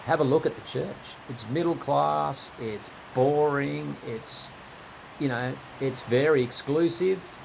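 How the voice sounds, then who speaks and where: A man's voice: fairly high pitch, slow pace, vocal fry, slight background noise. A man, a church leader giving a casual, exasperated preaching talk and rambling with lots of "you know"s.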